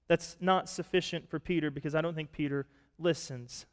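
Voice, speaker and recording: A man preaching a sermon, retelling a story and asking listeners to picture it, rising to loud, emphatic points. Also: on the high side, fairly even intonation, moderate pace, hardly any pauses, smooth. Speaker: pastor. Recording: long reverb of a large hall.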